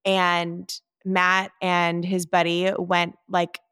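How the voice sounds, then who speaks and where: Thirties woman, podcast co-host, slightly low voice, upbeat and chatty, dry close sound. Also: monotone, very slow, fairly bright tone, clear, resonant tone, dry recording. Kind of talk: casual chat.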